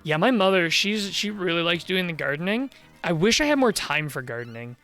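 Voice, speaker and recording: A man's voice: high-pitched, lively intonation, fairly quick, sharp tone, soft background music. Chatty man streaming a game. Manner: chatty, rambling, laughs easily. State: tired, worn-out voice. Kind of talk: casual live-stream commentary while gaming.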